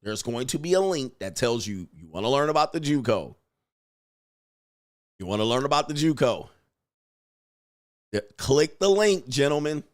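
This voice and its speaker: Animated, laughing streamer man. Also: mid-range voice, normal speed, pauses often. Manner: animated, laughing, emphatic, repeats for emphasis. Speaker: dating commentary streamer. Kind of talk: casual livestream rant.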